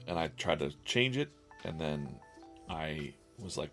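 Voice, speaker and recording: A man's voice: rumbling low, lively intonation, a little slow, music in the background. A man streaming live while drawing comics, chatting casually and rambling, with lots of laughs and silly quoted voices.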